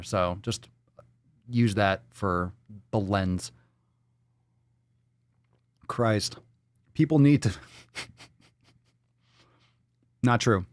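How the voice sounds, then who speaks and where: On a live stream, a male podcast host rants profanely and mocks throughout, his pitch leaping and diving wildly as he swings between loud outbursts and low muttered asides. The sound is close and dry, with no room sound at all.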